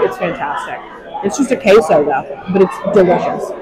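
A woman's voice: medium pitch, animated, brisk. A woman co-hosting a casual food review vlog, upbeat and enthusiastic about what she tastes. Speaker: co-host. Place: busy theme park bar. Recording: noisy crowded bar. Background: crowd chatter.

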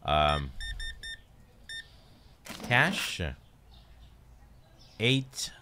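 A man's voice: medium pitch, very animated, very slow, noisy background. A man streaming himself playing a game, chatting casually, mocking himself and swearing now and then.

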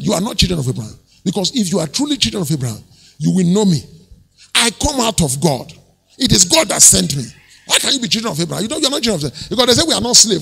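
Male pastor preaching hard, high voice, gravelly and husky, big echoey hall. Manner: animated preaching, acts out quoted voices, chuckles often. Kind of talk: sermon.

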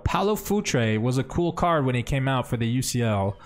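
A young man streaming a game, chatting casually and thinking out loud as he plays. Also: a little high, expressive, moderate pace. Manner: chatty, thinks aloud, says bro and man. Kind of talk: casual livestream commentary.

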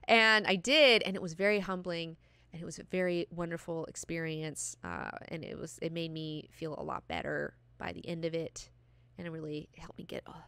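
Bright-voiced woman hosting a book club. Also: lowish voice, fairly even intonation, moderate pace, smooth, no room sound. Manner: chatty, swears freely, lots of fillers. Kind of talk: reading aloud and casual discussion.

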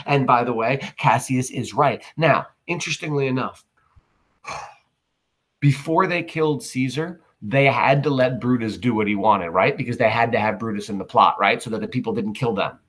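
A man's voice: medium pitch, moderate pace, a bit bright, breathy edge, poor audio. A male teacher explaining a play in a chatty way, with asides and rhetorical questions to his students. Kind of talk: classroom literature lesson.

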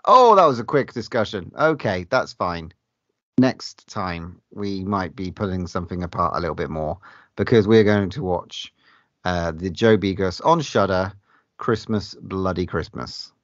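Deep-voiced, swearing male co-host. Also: a little slow, no echo. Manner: animated, swears heavily. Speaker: podcast co-host. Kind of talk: casual chat. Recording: dry, muffled podcast audio.

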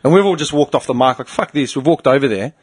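A man delivers a long story on his podcast rapid-fire, his medium-pitched voice carrying a breathy edge. It's casual chat; he's animated, swears, and voices the people in the tale.

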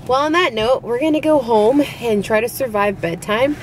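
A woman's voice: fairly high pitch, normal speed. A young woman vlogging with her kids, chatty and playful, laughing often, filmed on a handheld camera. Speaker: vlogger mom. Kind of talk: casual family vlog. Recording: loud crowd and street noise.

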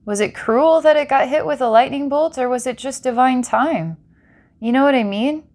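A woman's voice: high voice, normal speed, darkish tone. A woman doing a psychic reading for a client, rambling and breaking into giggles between intense passages. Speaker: psychic reader.

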